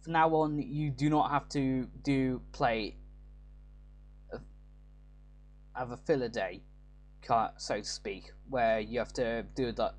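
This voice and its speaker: A man's voice: mid-range voice, steady tone, slow pace, long pauses. A man casually commenting as he plays a game, rambling and often correcting himself mid-sentence. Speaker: let's play host.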